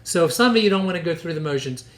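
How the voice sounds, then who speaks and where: Older man, 60s, dentist on a teaching podcast; earnest, persuasive, anecdotal, voice pitched a bit high. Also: lively intonation, rapid-fire. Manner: earnest, persuasive storytelling, quotes his own patient talks. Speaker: dentist and educator. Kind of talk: instructional podcast talk.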